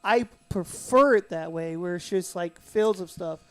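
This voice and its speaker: A man's voice: sits high, unhurried, no echo, soft background music. A man with a Southern US accent co-hosting a casual sports podcast, rambling and correcting himself as he talks. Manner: rambling, self-correcting, easygoing. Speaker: podcast co-host.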